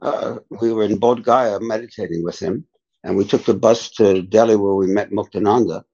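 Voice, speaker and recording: A man's voice: lowish voice, steady tone, moderate pace, vocal fry, warm tone, breathy edge. An older man, a spiritual teacher, telling reflective stories unhurriedly as a guest in an interview. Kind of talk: storytelling in a podcast interview. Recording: dull lo-fi sound.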